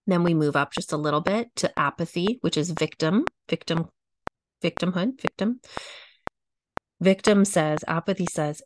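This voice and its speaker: A middle-aged woman teaching a coaching lesson, walking through a chart at a slow, measured pace and repeating her phrases. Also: lowish voice, noisy background. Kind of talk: teaching talk, reading a chart aloud.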